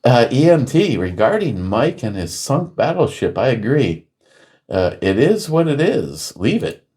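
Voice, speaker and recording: A middle-aged man hosting a casual chat show, rambling through stories and loudly acting out what people said. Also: mid-range voice, very animated, measured pace. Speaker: podcast host.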